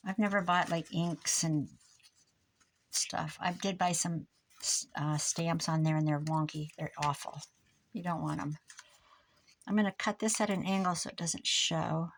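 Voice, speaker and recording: A woman's voice: sits low, steady tone, unhurried, a little hiss or hum. An older woman, a grandmother, chatting casually and rambling as she works on a craft project. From United States. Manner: rambling, chatty, talks while working. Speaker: craft vlogger. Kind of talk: casual chat while crafting.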